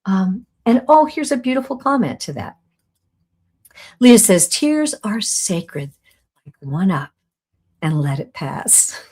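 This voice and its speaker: A middle-aged woman hosting a live-streamed class as a psychic medium, talking earnestly and rambling a little, reading out viewer comments with soft laughs. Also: takes it slowly, pauses often, breathy edge. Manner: warm, earnest, rambling, with soft laughs and lively pitch swings.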